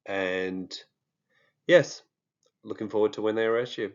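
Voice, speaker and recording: A man's voice: lowish voice, steady tone, a little slow, clean tone, lo-fi sound. A man with an Australian accent, talking casually and jokingly to his viewers, with many fillers. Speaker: true crime vlogger. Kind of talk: casual monologue to camera.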